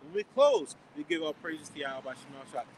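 Man, high-ish voice, street preacher in a casual Bible study, "man" and "okay?" after every line, faint traffic behind. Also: huge pitch swings, fast talker, creaky, low-quality recording. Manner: asks questions and answers them himself. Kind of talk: informal outdoor Bible teaching.

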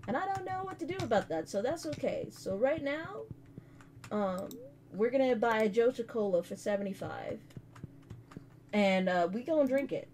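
A woman's voice: on the high side, expressive, normal speed, a little mellow, a little hiss or hum. A woman in her thirties casually commenting on her gameplay, chatty, slangy and self-mocking. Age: 30s. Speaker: gaming video host. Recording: game music behind. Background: game music.

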